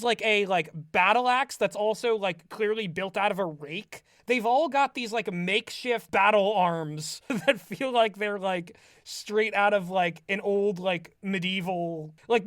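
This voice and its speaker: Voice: mid-range voice, fairly bright tone, dry recording, studio quality. Rambling podcaster recapping a movie. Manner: rambling, heavy use of "like", amused. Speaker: podcast co-host.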